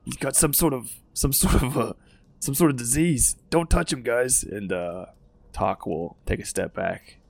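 A man narrating as game master of a tabletop role-playing game, relaxed and full of fillers. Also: medium pitch, unhurried, vocal fry, no room sound.

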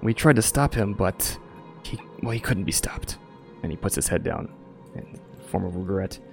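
A man with a low, gravelly voice narrates a tabletop game as its game master. He talks in a relaxed way, pausing often with fillers, while faint music plays behind him. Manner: relaxed, frequent filler pauses.

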